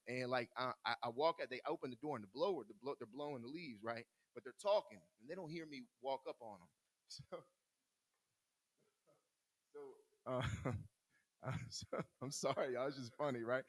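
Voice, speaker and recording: A man's voice: mid-range voice, a bit bright, no room sound. A man telling a personal recovery story to a group in a casual, candid way. He laughs often and repeats words while he searches for what to say. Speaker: speaker in recovery sharing his story.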